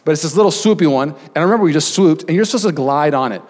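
A young adult male pastor telling a story in a sermon, animated, acting out voices. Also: on the high side, racing. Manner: animated, acts out voices, shouts and laughs in the story. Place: church sanctuary. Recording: long hall reverb.

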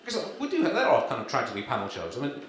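A male stand-up comedian with a dry, deadpan delivery, full of ums and little chuckles. His voice rings around a very echoey venue. Audible room ambience sits behind him. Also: medium pitch, very fast, a little hiss or hum. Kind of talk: deadpan live stand-up set. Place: live comedy gig venue.

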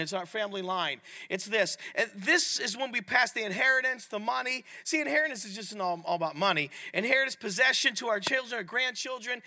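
A middle-aged man preaching a sermon at a men's ministry, animated and often asking the audience questions. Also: very high-pitched. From Italian heritage. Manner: animated, asks the crowd questions.

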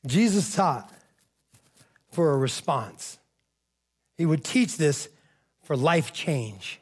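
A man's voice: a little high, sing-song, slow, breathy edge. A man preaching a sermon as pastor, fervent and conversational, often saying "man" and "amen".

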